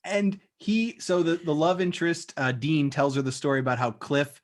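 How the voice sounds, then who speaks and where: A woman's voice: low-pitched, steady tone, moderate pace. A woman co-hosting a podcast, casually reviewing a movie and retelling scenes with lots of laughter. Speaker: podcast co-host.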